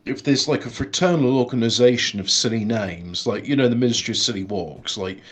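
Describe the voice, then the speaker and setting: A man's voice: mid-range voice, fairly quick, breathy edge. A man co-hosting a casual podcast, musing at length with hesitations. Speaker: podcast co-host. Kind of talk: casual chat.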